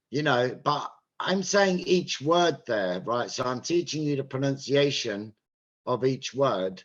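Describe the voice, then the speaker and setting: A man's voice: mid-range voice, slow, fairly bright tone, highs cut off. An English man with a British accent, teaching pronunciation to an online class and patiently checking that listeners follow. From England. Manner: patient, checks understanding with "okay?".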